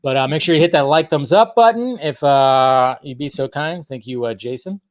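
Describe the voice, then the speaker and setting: A man's voice: mid-range voice, normal speed. A man hosting a casual livestream, rambling and self-deprecating as he chats with viewers. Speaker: YouTube livestream host.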